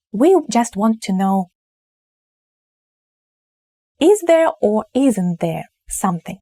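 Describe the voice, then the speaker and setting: Slow-spoken woman teaching grammar. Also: medium pitch, dark tone, no echo. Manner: slow explanatory delivery, acts out example phrases. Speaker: Russian teacher. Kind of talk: grammar lesson at a board.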